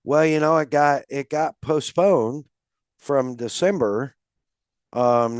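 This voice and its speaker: A man hosting a casual podcast, speaking at an unhurried, meandering pace with plenty of filler words. His voice sits at an ordinary pitch and sounds dry and close to the mic. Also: a little mellow, clear, resonant tone, no room sound. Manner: unhurried, rambling with many fillers. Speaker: podcast host.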